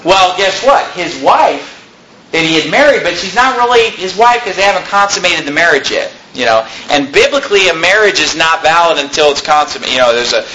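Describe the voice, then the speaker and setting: A man's voice: on the high side, animated, a little fast, pushed and bright. A man preaching a sermon, retelling a story in a casual, joking way. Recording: echoey room, faint noise.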